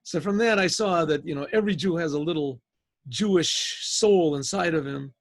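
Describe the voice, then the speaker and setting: A man's voice: on the high side, moderate pace. A man, a rabbi, telling a story in a rambling, conversational way with many restarts, speaking over a video call. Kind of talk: storytelling talk.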